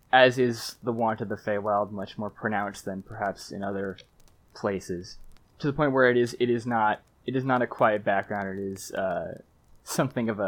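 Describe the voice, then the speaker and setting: A man narrating as game master, searching for words with frequent fillers and restarts. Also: on the low side.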